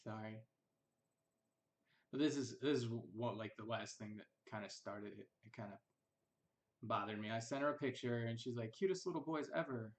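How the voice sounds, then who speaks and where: A man's voice: on the low side, steady tone, normal speed, pauses often. A young man casually recounting his past, rambling and bitter, sometimes mimicking others in a mocking tone. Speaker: vlogger recounting family history. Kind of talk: casual personal storytelling.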